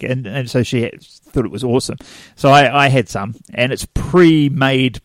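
A man with a New Zealand accent, co-hosting a podcast and telling a story in a relaxed, chatty way. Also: mid-range voice, normal speed, dry recording, studio quality. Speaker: podcast co-host. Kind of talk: casual chat, storytelling.

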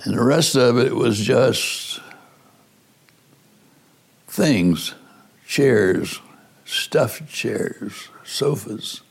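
An older man, a former prosecutor, slowly recalling events in an interview, with halting pauses. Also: mid-range voice, lively intonation, vocal fry, husky. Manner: slow, halting recollection.

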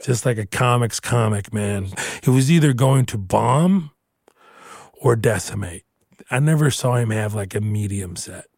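A comedian in his thirties chatting casually, animated and playful, swearing freely as he tells stories. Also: lowish voice, unhurried, vocal fry, dry recording, clean studio sound. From Houston, Texas. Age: 30s. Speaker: comedian co-host. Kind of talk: casual chat.

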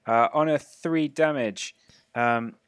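A man's voice: mid-range voice, slow, fairly bright tone, clean tone, no room sound. A man narrating as game master of a tabletop game, describing gory action with relish and lots of fillers. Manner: gleeful, gory narration with frequent fillers and laughs.

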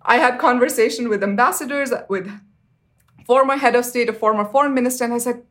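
Brisk and earnest, a woman in her thirties tells an interviewer a personal story. She drops in fillers like "you know" and suddenly jumps up in pitch to act out people's lines.

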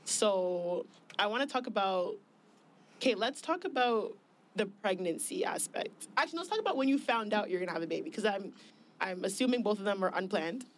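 A woman's voice: medium pitch, fairly quick, a little hiss or hum. A young woman hosting a podcast in casual chat, telling stories with lots of swearing. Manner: animated storyteller, swears freely. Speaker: podcast host.

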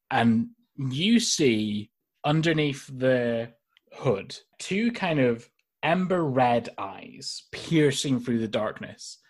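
Laid-back male dungeon master, husky voice. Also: medium pitch. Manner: casual, hesitant narration with many fillers. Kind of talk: narrating a tabletop game. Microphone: video call.

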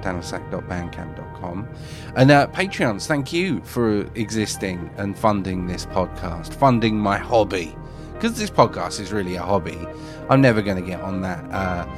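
A man hosts his podcast in a loose, rambling, self-deprecating chat. His voice sits fairly low. Music plays clearly underneath him. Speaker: podcast host.

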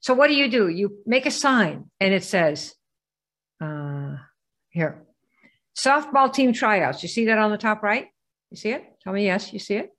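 A woman running a business training session, speaking in a voice of ordinary pitch for a woman. She peppers the room with questions and demands yes-or-no answers. Her tone stays direct and persuasive. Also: expressive, moderate pace, a bit bright. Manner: rhetorical, quizzes the audience. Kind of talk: live training presentation.

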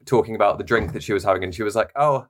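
A man's voice: lowish voice, fairly even intonation, very fast. A man, talking in a casual chat, heated and swearing.

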